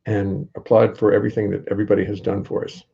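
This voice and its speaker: A man's voice: fairly low pitch, completely flat delivery, quick pace, gravelly, slightly rough, highs cut off. An older man hosting a casual livestream from his home, rambling in a wry way and greeting viewers by name.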